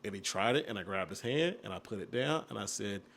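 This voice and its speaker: A man's voice: lowish voice, quick pace, creaky, slight background noise. A young man telling family stories in a casual podcast chat, acting out what was said as he goes. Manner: storytelling, animated retellings of family moments. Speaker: podcast co-host.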